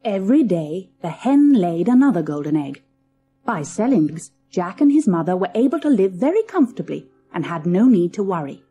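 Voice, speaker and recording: A woman narrating a children's storybook in an expressive, lilting storytelling manner. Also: fairly low pitch, normal speed, dull audio. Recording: old cassette audiobook.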